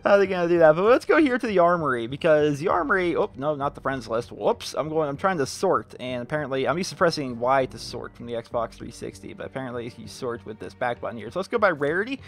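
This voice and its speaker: A young man giving gameplay commentary while opening loot drops, talking in an animated, exasperated, pleading way. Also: on the high side, quick pace, few pauses, faint music behind. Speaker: gaming YouTuber.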